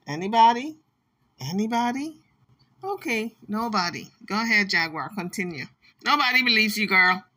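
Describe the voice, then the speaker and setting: Sassy bright-voiced woman commentator. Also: mid-range voice, expressive, normal speed. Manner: sassy, scolding, teasing, talks straight to the clip. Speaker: commentary channel host. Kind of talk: sassy commentary over clips.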